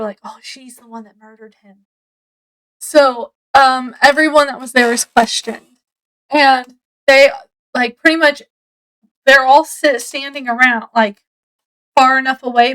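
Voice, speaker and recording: A woman casually retelling a mystery novel's plot in a book review, rambling and full of fillers, often trailing off quietly. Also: high-pitched, low-quality recording. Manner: rambling, retells scenes with quoted voices; lots of fillers, trailing off softly.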